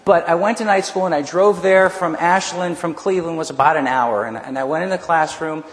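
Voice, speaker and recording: A man preaching a personal testimony sermon, telling his story in an animated way with frequent restarts. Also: fairly high pitch, a little fast. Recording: echoey hall, long reverb.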